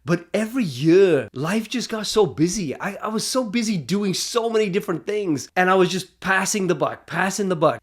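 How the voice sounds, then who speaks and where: A man in his late fifties telling a personal story for his vlog, acting out his own thoughts and other people's words, and going low and quiet for the serious parts. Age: 50s. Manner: animated, acts out quoted thoughts with big swings. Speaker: channel host.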